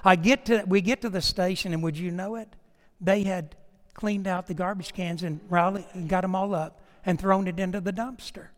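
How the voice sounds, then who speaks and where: A man preaching, his voice sitting high for a man. He tells stories folksily and with humor, then presses his point earnestly. A long hall reverb trails behind every phrase. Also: steady tone, moderate pace. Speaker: pastor. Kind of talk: storytelling sermon.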